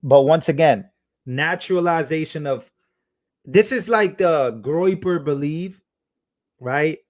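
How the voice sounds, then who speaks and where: A man's voice: on the high side, slow. A young man hosting a live stream, chatting casually, reading out chat messages and thanking donors.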